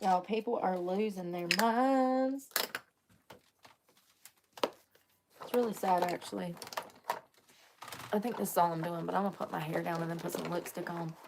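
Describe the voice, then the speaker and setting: A woman's voice: fairly low pitch, measured pace, vocal fry, pauses often, noisy background. Chatty woman vlogging her makeup. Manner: chatty, joking, confessional, laughs often. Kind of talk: casual live-stream chat.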